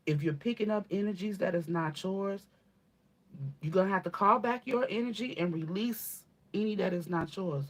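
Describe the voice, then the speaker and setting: Woman, spiritual reader, casual and blunt, mid-pitched voice, emphatic. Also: moderate pace. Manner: casual and blunt, swears, calls listeners baby; emphatic, repeats and asks "okay?". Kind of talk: channeled spiritual reading to viewers.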